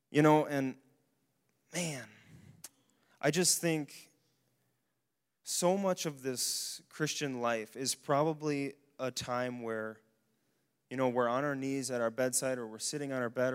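A young adult man giving a casual, animated sermon to a young adults service, with bursts of exclamation. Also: medium pitch, clear, resonant tone. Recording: long hall reverb.

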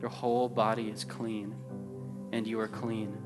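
A man's voice: fairly low pitch, level tone, a little slow. A man preaching a sermon in a church, talking conversationally with many fillers, playful at times and earnest at others. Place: church sanctuary. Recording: long hall reverb with faint music.

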